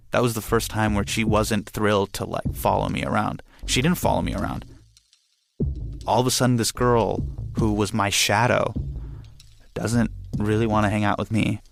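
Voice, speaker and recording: A young adult man telling a personal story in an animated way, acting out the voices of his family. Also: fairly low pitch, creaky.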